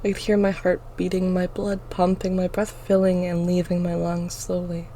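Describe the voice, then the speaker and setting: A woman reading her own story aloud in the first person, with expressive, emotional delivery. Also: fairly low pitch, moderate pace, a little hiss or hum.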